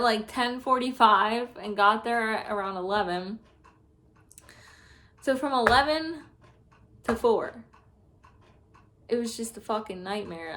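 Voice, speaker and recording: A woman's voice: high-pitched, sharp tone. A young woman telling a story in a casual vlog, laughing often and swearing as she vents. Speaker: vlogger.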